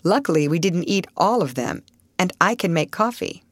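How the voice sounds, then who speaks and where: A woman's voice: on the low side, animated, moderate pace, dry recording. Grim, matter-of-fact young man, read by a woman, dry sound. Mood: serious. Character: serious, level-headed young man.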